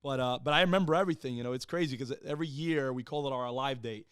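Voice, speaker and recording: A man in his thirties, a podcast guest, telling his own story in a casual, profane, animated way and acting out the people he quotes. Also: mid-range voice, rapid-fire, smooth, dry recording, studio quality. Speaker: podcast guest, former Marine and police officer.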